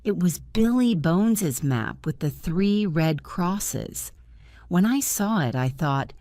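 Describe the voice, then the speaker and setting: Woman narrator, slow careful reading, lowish voice, dry close sound. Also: expressive, dark tone, dry recording. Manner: slow, clear reading of a simple story. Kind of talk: graded-reader story narration.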